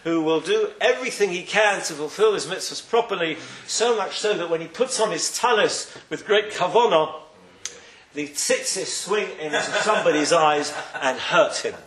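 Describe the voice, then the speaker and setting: A man's voice: sits high, moderate pace, a bit bright. A man giving a sermon as a rabbi, telling stories and acting out the people he quotes with lots of emphasis. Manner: storytelling, acts out quoted people, rising and falling emphasis. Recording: echoey room.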